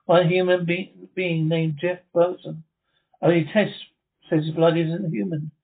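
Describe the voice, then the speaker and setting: A man's voice: on the high side, level tone, unhurried. A man reading a flustered, baffled doctor. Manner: flustered, stumbling. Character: baffled worried male doctor. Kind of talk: amateur script reading. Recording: tinny phone-like sound.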